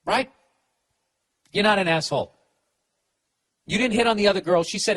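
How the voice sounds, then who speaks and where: Man, podcast host, comedic advice rant, profane, stammering restarts, slightly high voice. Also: expressive, fairly quick, pauses often, fairly bright tone.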